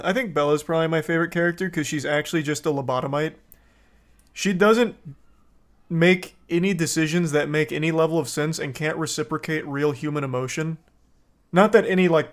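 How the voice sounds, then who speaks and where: A man streaming, casually recapping a movie and chatting with viewers in a rambling, joking way. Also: fairly high pitch. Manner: rambling recap with crude jokes. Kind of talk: casual chat.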